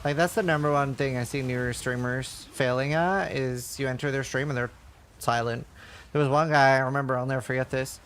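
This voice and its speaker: A man's voice: medium pitch, fairly even intonation, a little fast, a bit bright, smooth. A man streaming a game live, chatting casually and answering viewer questions with lots of fillers. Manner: chatty, reads chat questions aloud, rambling with fillers. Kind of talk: casual live-stream chat while gaming.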